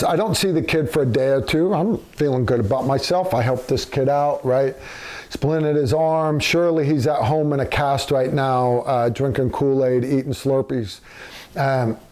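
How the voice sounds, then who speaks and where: A man's voice: a little high, a little mellow. A man telling a casual, profane war story in a blunt, rambling way, full of fillers.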